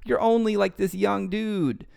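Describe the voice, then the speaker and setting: A man's voice: high voice, fairly even intonation, unhurried, vocal fry, darkish tone, clean tone, voice pushed up, full character voice. A man voicing a doubtful king who talks in casual slang in a retold Bible story. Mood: skeptical. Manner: slangy, amused. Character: doubtful older king, laid-back.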